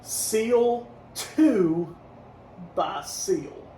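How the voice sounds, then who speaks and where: A man's voice: sits high, extremely slow, recorded from a distance. A man co-hosting a casual podcast, reviewing an album track by track and giving scores out of ten. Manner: relaxed, gives scores out of ten, laughs easily. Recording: echoey room, mic set back, faint noise.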